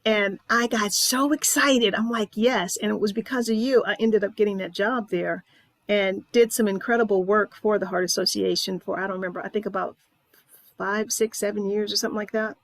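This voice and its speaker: A woman hosts a casual interview. She looks back on shared memories with her guest and nudges him along with questions. Her voice sits at an ordinary pitch and is recorded dry. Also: fairly even intonation, a little fast, no echo. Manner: friendly reminiscing, asks prompting questions. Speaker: host.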